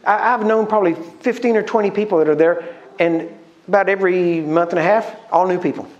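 Pastor preaching in a chatty storytelling way. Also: male voice, high-pitched, brisk, muffled recording. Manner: conversational storytelling preaching, asks the crowd questions. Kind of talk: sermon.

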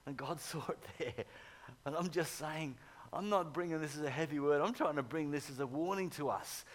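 A middle-aged pastor preaching a sermon, telling stories with animated swings from loud urging to hushed tones. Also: male voice, on the high side, moderate pace.

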